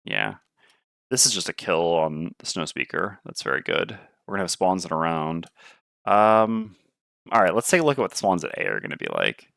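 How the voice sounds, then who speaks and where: A man's voice: sits low, very animated, moderate pace, gravelly, a bit bright, no echo, clean studio sound. A man playing a tabletop board game on stream, thinking aloud and weighing his moves. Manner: muttering, weighing options aloud.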